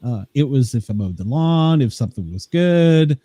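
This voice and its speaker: A man from the southern US, chatting on a podcast in a laid-back, halting way with many fillers. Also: mid-range voice, lively intonation, dark tone, dry recording, clean studio sound. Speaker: podcast guest. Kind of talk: casual chat.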